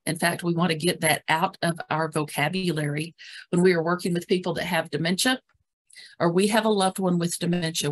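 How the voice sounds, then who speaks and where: Calm, low-voiced woman teaching caregivers. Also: no echo. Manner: calm, instructive, steady explanations. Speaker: dementia care educator. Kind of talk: educational webinar presentation.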